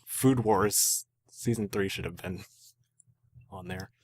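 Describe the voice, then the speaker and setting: A man's voice: low-pitched, takes it slowly, darkish tone. A man co-hosting a casual podcast, hesitant and trailing off with fillers. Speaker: podcast co-host.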